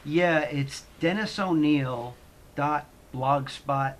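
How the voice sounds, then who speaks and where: A man's voice: a little high, slow, a bit bright, a little hiss or hum. Easygoing man, guest on a talk show. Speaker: guest, actor and acting teacher. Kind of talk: casual interview.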